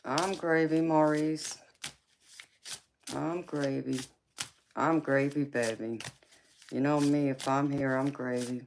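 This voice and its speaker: On a live stream, a woman with a Southern drawl reads tarot cards aloud and greets viewers in a laid-back, chatty way. Her rumbling low voice is gravelly and fairly even, taking things slowly with long pauses, while loud background noise fills the recording.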